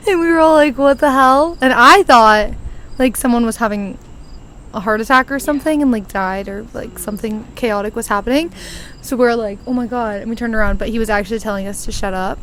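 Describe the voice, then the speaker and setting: A woman's voice: a little high, moderate pace, a bit bright, slight background noise. A woman in her twenties hosting a podcast, chatting and telling stories with lots of giggles, recorded outdoors on a porch. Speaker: podcast host. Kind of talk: casual chat.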